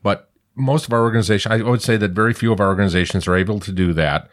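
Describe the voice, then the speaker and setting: A very low-pitched man in his sixties talks quickly and earnestly, pressing his points and repeating them for emphasis. His delivery is conversational but insistent. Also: fairly even intonation. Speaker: podcast host on surgery center quality. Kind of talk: conversational discussion.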